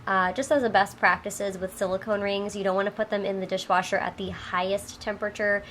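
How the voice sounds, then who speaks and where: A woman's voice: mid-range voice, steady tone, fairly quick, a bit bright, a little hiss or hum. A woman in her thirties, sounding a little nasal from a cold, chatting upbeat with small fillers while she cleans her kitchen. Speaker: home vlogger. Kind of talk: casual talk over cleaning footage.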